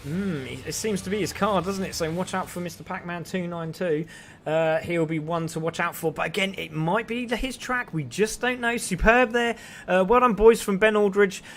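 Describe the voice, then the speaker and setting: A man doing live sim racing commentary, excitable and climbing with the action, his voice tiring and hoarse. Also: sits high, normal speed, slight background noise. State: voice going hoarse.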